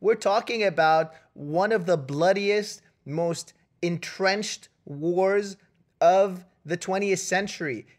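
A man co-hosting a comedic movie-debate podcast, arguing in a loud, mock-indignant way and tagging his lines with "okay?" and "all right?". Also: high voice, slow. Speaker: podcast co-host.

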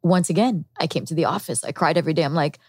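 This is a woman speaking as a podcast guest, recounting her own story in an earnest, reflective way. Her voice sits on the lower side. The recording is dry and close, with no room sound. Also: quick pace, dry recording. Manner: earnest and reflective, with quoted inner thoughts. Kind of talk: candid personal storytelling.

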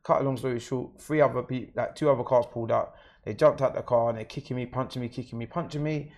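A man's voice: mid-range voice, fairly even intonation, fast, a little mellow. A man with a London accent, a guest in an interview, recounting his own experience in a plain, matter-of-fact way. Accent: London English. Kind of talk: personal story in an interview.

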